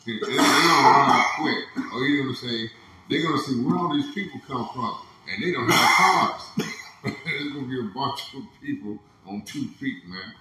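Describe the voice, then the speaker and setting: A man's voice: medium pitch, expressive, moderate pace, bright, forceful tone. A man hosting a casual chat, laid-back and laughing easily as he talks. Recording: very echoey room with faint noise.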